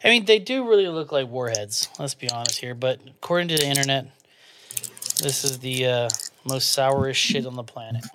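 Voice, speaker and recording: A man's voice: medium pitch, normal speed, background noise. A man hosting a podcast, joking and swearing often in casual banter. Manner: profane, joking, laughs often. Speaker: podcast host.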